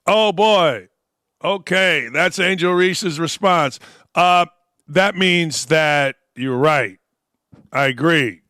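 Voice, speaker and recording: A man's voice: a little high, slow pace, sharp tone, clear, resonant tone, no room sound, studio quality. A man hosting a sports talk show, giving blunt, sarcastic and mocking opinion commentary.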